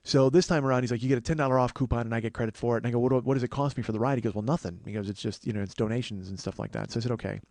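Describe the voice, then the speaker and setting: Casual comic storytelling from a podcast host: a man with a darkish, mid-range voice rambles through quick, profane anecdotes and acts out what people said. The recording is dry.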